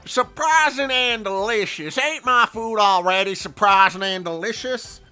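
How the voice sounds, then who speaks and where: A man's voice: high voice, measured pace, smooth, soft background music, pitched above the performer's own voice, full character voice. Man doing a frantic folksy old baker. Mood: proud. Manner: folksy drawl, frantic and loud. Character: flustered old male baker, folksy and excitable.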